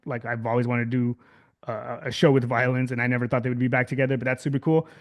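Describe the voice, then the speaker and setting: A man's voice: medium pitch, little pitch movement, fast talker. A man in his thirties, a guest musician from Southern California, talking casually in an interview, rambling with lots of fillers and restarts. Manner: rambling, many fillers and restarts, laughs often.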